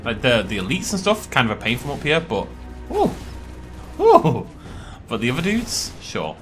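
A man's voice: mid-range voice, wildly swooping pitch, moderate pace, a bit bright, soft background music. A British man hosting a let's play, chatting casually and animatedly as he plays and often laughing at himself. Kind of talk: casual gaming commentary.

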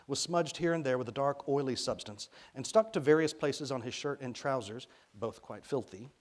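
Man reading a children's novel aloud. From Arkansas. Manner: expressive storytelling, rising for suspense and dropping low for quiet reveals. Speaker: author reading his own fiction. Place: college reading event.

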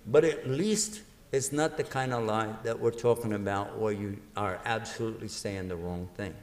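A man's voice: lowish voice, moderate pace. A man preaching to an audience in a lecture, acting out little dialogues and quizzing his listeners. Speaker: Islamic preacher giving a lecture. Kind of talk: lively religious lecture to an audience. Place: large university lecture hall. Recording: long reverb of a lecture hall.

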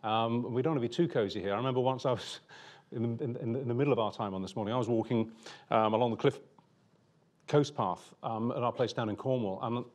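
A middle-aged man, a TV presenter, telling an animated anecdote on stage and laughing often. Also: mid-range voice, fast talker.

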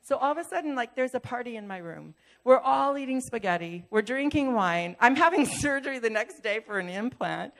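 An older woman preaching a sermon, her voice gravelly with a touch of fry. She tells a story in an animated, lively way, taking on the lines of other people as she goes. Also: a little high, fairly quick, hardly any pauses. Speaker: pastor.

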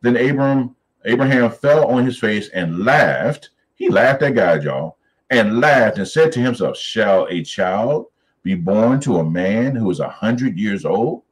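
Male Bible study teacher, lower voice, animated preacherly delivery. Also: low-quality recording. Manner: animated, preacherly, reads scripture slowly then riffs on it.

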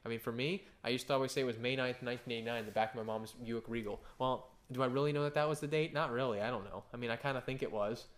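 This pastor, a man in his thirties, speaks very fast in a mid-range voice, barely stopping for breath. He preaches conversationally through stories, frequently tossing in "right?".

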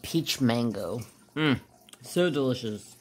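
A man's voice: medium pitch, expressive, takes it slowly. A man hosting a crafting channel, chatting casually while he works and often losing his train of thought.

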